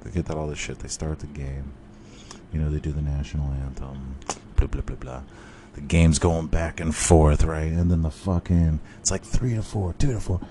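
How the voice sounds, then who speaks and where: A man with a low voice tells a story in a loose, casual way, cursing often and rushing ahead when he gets excited. It sounds like a podcast host talking freely. A faint ambient noise sits behind his voice. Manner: profane, excitable, rambling.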